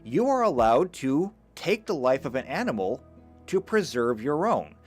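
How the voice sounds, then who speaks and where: Guy giving a live lecture, emphatic, voice rises and falls a lot, some music low behind. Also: moderate pace, husky. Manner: animated, emphatic, with occasional stammered restarts. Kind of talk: live lecture reading chat comments.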